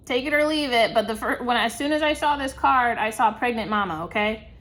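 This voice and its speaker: Casual tarot reader, young woman, a bit high-pitched, warm and chatty. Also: a little fast. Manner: chatty, laughs often, warm reassurance. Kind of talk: casual intuitive tarot reading.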